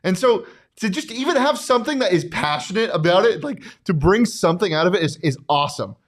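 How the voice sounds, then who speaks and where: A man co-hosting a casual sports talk show, talking in quick bursts with many restarts. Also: high voice. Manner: animated, restarts, laughs often. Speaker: co-host.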